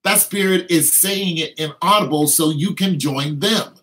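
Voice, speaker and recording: An emphatic man delivering an informal sermon. His voice sits a little above the usual male pitch. He repeats points and slips into imitations of tempting voices, with phrasing. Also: a little slow, fairly bright tone, low-quality recording. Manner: emphatic, repetitive, acts out tempting inner voices. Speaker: preacher.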